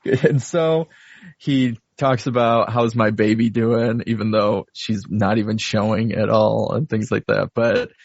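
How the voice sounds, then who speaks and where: A man's voice: lowish voice, steady tone, unhurried, creaky, dry recording. A man co-hosting a casual movie podcast, recapping the plot and laughing often. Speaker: podcast co-host. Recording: dull dry home recording.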